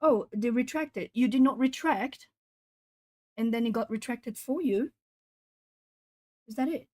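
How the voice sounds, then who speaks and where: A woman with a somewhat high voice talks casually during a colouring livestream. She picks up viewer comments and answers them in a loose, chatty way, as if talking across the desk. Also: unhurried, darkish tone, low-quality recording. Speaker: art streamer. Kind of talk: casual live-stream chat. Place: home art desk.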